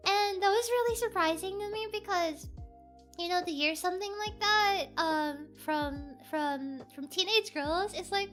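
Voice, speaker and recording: A young woman chatting casually on her stream, rambling through her story and bursting into loud, cheerful greetings. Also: very high voice, unhurried, soft background music. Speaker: VTuber streamer.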